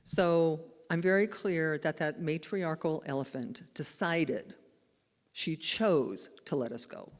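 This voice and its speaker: A woman minister giving a lively, chatty storytelling sermon at a live church service. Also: low-pitched, takes it slowly. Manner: chatty and animated, laughing as she tells the story. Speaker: spiritual director and minister. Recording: long hall reverb in a church.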